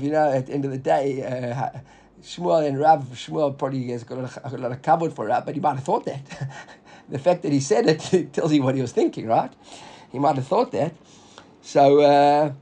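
A man teaching a Talmud class explains things step by step in an animated way, repeatedly checking in with "right?". His voice is a little high with a breathy edge.

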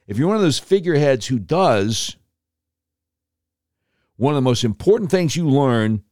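Sarcastic male commentary host, lively pitch. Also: no room sound, studio quality. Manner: sarcastic, mocking. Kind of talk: opinionated talk-radio monologue.

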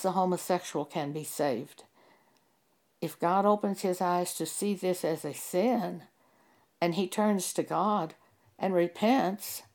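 A woman preacher delivering a sermon, speaking deliberately and with emphasis, pausing to cite scripture chapter and verse. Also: on the low side, darkish tone.

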